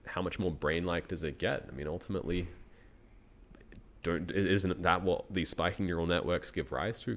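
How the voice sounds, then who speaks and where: A man in his thirties with an Australian accent, a university researcher talking as a guest in a casual interview, thinking aloud and laughing often. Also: low voice.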